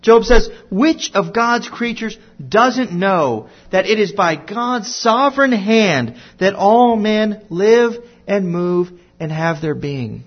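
A man teaching a Bible lesson to children, telling it slowly and deliberately with playful asides. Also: high-pitched, lively intonation, dull audio.

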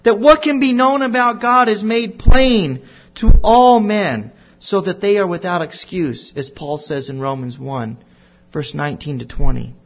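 Slow, high-voiced man teaching Bible. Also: muffled recording. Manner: slow, deliberate storytelling with playful asides. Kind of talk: Bible lesson for children.

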